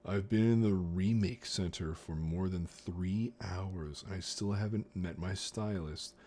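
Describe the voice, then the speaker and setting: Deep-voiced man reading a bedtime story. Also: mellow. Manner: slow reading broken by joking asides. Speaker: streamer. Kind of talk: casual storybook reading on stream.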